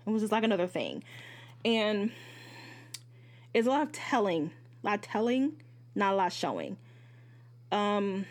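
Chatty, frank woman reviewing books. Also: medium pitch. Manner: candid and chatty, swears freely; animated, jumps between asides and self-corrections. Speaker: podcast host reviewing books. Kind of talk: casual book review monologue.

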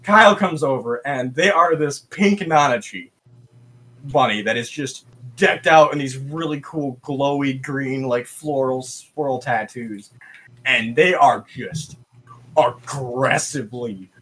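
A man from West Michigan, a podcast guest telling a story in a lively, profane way and acting out the voices of people he quotes. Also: medium pitch, takes it slowly. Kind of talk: casual storytelling.

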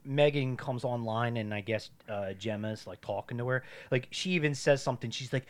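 A man's voice: mid-range voice, moderate pace. A man co-hosting a podcast in casual chat, rambling and filling his sentences with "like". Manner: rambling, heavy use of "like", acts out quoted voices. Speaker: podcast co-host.

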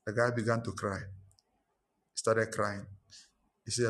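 A middle-aged man with a Ghanaian English accent preaching a sermon, emphatic and repetitive, pushing his voice up in pitch and force. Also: flat delivery, takes it slowly, a bit bright. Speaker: pastor.

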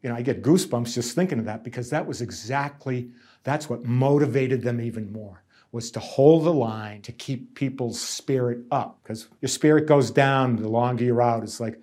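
A man's voice: medium pitch, moderate pace, darkish tone. A middle-aged man, a union negotiator giving earnest, emphatic interview testimony and often repeating words.

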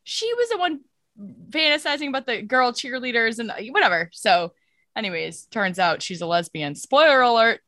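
A woman's voice: a little high, expressive, normal speed, pushed and bright, no room sound, clean studio sound. A young adult woman co-hosting a casual podcast, rambling through a plot summary with many fillers and restarts. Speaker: podcast co-host. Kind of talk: casual chat.

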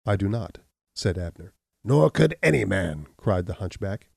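A man's voice: low voice, fairly even intonation, moderate pace, warm tone, dry recording, studio quality, natural voice. A man voicing a cunning, mocking hunchbacked man in a read-aloud story. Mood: indignant.

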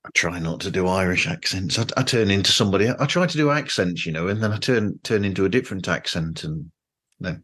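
A British man hosting a podcast in an easy, conversational way. His voice sits low for a man. He mostly offers short, agreeing replies. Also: animated, fast talker, a bit bright, husky. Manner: easygoing, brief agreeing replies. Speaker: podcast host. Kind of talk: casual chat.

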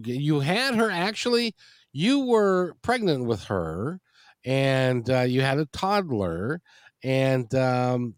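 A man's voice: medium pitch, dry recording, studio quality. A man hosting a radio talk show, chatting loosely with many restarts and fillers. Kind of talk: casual interview.

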